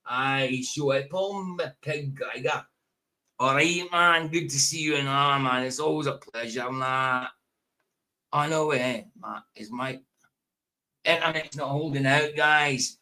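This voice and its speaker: A man's voice: mid-range voice, slow, sharp tone. A man chatting casually to viewers as host of a live stream, repeating his friendly greetings. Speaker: livestream host.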